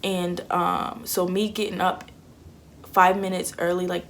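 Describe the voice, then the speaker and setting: A woman's voice: on the low side, level tone, measured pace, a little hiss or hum. A young woman, chatting candidly and acting out what people said. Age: 20s. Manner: candid and chatty, acts out quotes. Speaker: vlogger. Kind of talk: casual storytelling.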